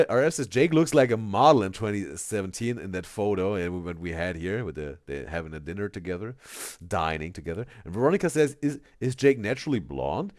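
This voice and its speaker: A man's voice: fairly low pitch, a little mellow, no room sound, studio quality. A man hosting a casual live-stream reaction, reading chat aloud and rambling with repeated words.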